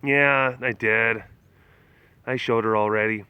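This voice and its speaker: This male keeper, streaming live from an outdoor animal facility, reads comments and talks casually in a rambling way full of restarts. His intonation is lively, his speed normal, and his tone sharp in a dry recording. He coos in a high voice at the cats.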